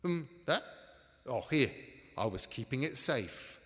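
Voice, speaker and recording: A man's voice: medium pitch, big pitch swings, slow, fairly bright tone, pitched above the performer's own voice. A man reading aloud, voicing a shifty, quarrelsome male rogue who needles his partner. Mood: needling. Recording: live reading in a reverberant hall.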